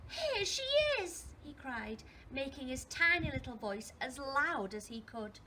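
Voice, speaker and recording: A woman teacher reading a storybook to young children, expressive and asking them questions as she goes. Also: high-pitched, a little slow, slight background noise. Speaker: primary school teacher.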